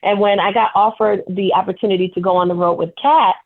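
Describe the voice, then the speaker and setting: Female stand-up guest on a phone line, candid storyteller, mid pitch. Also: steady tone, fast. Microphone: telephone.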